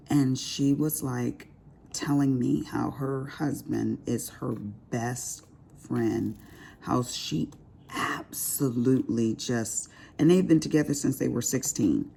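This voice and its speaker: A woman's voice: extremely low pitch, takes it slowly, vocal fry, warm tone, a little hiss or hum. A middle-aged woman, chatting casually and expressively to her viewers while she crafts, calling them honey. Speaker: diamond painting vlogger.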